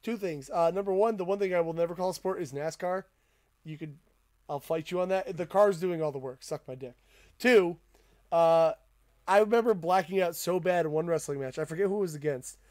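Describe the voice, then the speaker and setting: A young man hosting a podcast, telling a profane, animated story in casual chat. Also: high voice, brisk. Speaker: podcast host.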